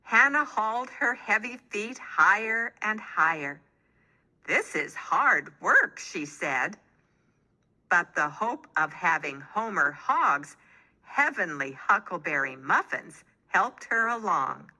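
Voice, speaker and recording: A woman reads a children's picture book aloud, telling the story expressively. Her voice is mid-range and she takes it slowly.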